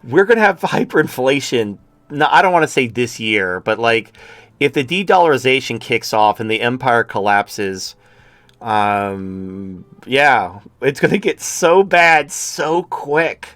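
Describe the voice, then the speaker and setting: A man's voice: mid-range voice, sing-song, unhurried, fairly bright tone, no room sound. A male talk-show host ranting in a profane, sarcastic way.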